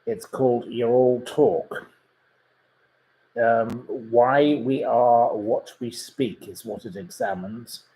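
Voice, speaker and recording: Guy hosting a chatty podcast, mid pitch, rambles on with ums and little asides. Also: takes it slowly, mellow, rough recording. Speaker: podcast host. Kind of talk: casual chat.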